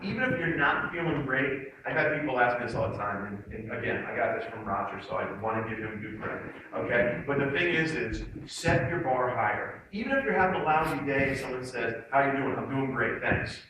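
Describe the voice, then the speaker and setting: A man giving a lively motivational talk to students, leading them through call-and-response exercises. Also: medium pitch, fairly quick. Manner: energetic, leads audience in call-and-response exercises. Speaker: motivational speaker. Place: large hall with student audience. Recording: echoey hall from far off, noisy.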